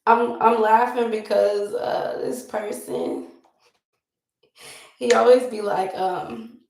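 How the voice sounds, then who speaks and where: A woman's voice: fairly high pitch, a little slow, roomy sound, poor audio. A young woman vlogger chatting casually while doing her makeup, rambling and laughing often.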